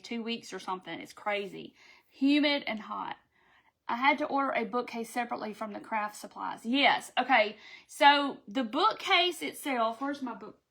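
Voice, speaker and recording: Lady running a craft livestream from home, high voice, chatty, says hi to everyone. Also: a bit bright. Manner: chatty, greets viewers by name, laughs often. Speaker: craft live stream host. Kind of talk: casual live stream chat.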